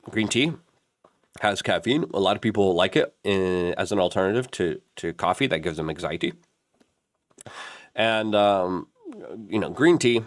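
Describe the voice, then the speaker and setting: A man with a low voice hosts a commentary show, talking in a rambling, animated way with plenty of fillers. His pitch swings widely as he reads a casual ad, and the sound is dry and close. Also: no echo. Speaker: host.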